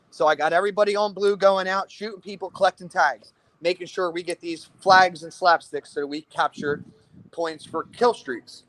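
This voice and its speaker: A man with a fairly high voice tells a long story about a paintball game in a loose podcast chat. He swears freely, keeps checking in with "right?", and jumps into quick impressions of the people he's quoting. The sound is dry and close. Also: no room sound. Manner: animated, profane, keeps asking "right?"; acts out other people's lines in quick bursts. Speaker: paintball team commander.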